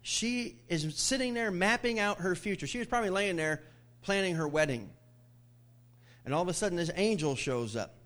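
A man's voice: high-pitched, normal speed. A middle-aged male pastor preaching a sermon to his church, telling stories with jokes and laughter. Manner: animated storytelling with jokes and laughs.

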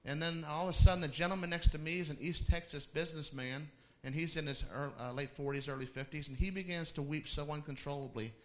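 A man's voice: fairly high pitch, fairly even intonation, fast, few pauses. A middle-aged male pastor telling a personal story in a sermon, conversational, with laughing asides and restarts.

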